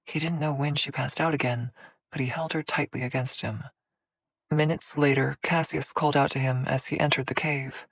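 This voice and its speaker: A woman narrating a fantasy audiobook in a measured, dramatic storytelling manner. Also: extremely low pitch, fairly even intonation, dry recording. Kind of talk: scripted narration.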